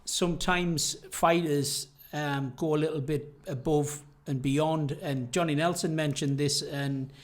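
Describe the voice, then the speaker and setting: A man's voice: fairly high pitch, steady tone, measured pace, hardly any pauses. A man co-hosting a boxing podcast, talking casually and often trailing off and restarting mid-thought. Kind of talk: casual debate.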